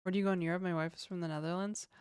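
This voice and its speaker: On a laid-back livestream, a young woman from Canada reads questions from viewers and tosses off easy, casual answers in a smooth, lowish voice. Her delivery is rapid-fire, and the recording is dry and close, with no room ambience.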